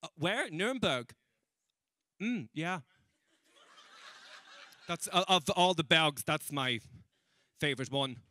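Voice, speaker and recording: A man doing stand-up comedy before a live audience, chatting with the crowd in a self-mocking, quick way. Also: a little high, animated, pushed and bright. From Ireland.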